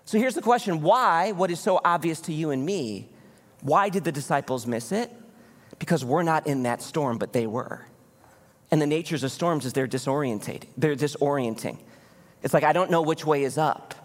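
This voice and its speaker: A male pastor preaching a conversational, animated sermon, often acting out the voices of people in the story. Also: fairly high pitch, moderate pace, big-room sound. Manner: animated, conversational, acts out voices in Bible stories. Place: church.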